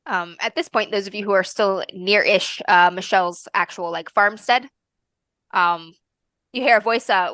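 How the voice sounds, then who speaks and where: A woman narrating a tabletop game as game master, descriptive and quick to laugh. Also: medium pitch, fairly bright tone, dry recording.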